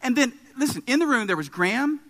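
A high, bright male voice delivers a sermon with lively storytelling and punchy emphasis. He sounds like a pastor in his thirties. His words ring out with a long reverb in a large hall. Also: fast. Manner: animated storytelling with emphatic rises.

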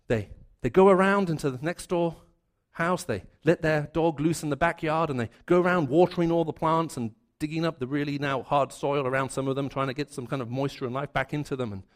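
An earnest male preacher delivering a sermon with a voice pitched a little high for a man. He stacks up repeated phrases to drive each point home and drops lower and quieter when he tells a story. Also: fairly quick, few pauses.

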